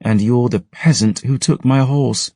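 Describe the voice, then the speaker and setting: A man voicing a haughty, sharp-tongued young noblewoman who speaks crisply and curses freely. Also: medium pitch, unhurried, dry recording, clean studio sound, voice pushed up.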